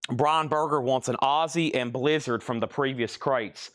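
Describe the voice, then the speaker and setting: A man runs a live-streamed record sale, rattling off prices and buyer names at speed and sounding slightly winded. His voice sits at a medium pitch with a fairly bright tone. The recording is studio quality, with no room sound.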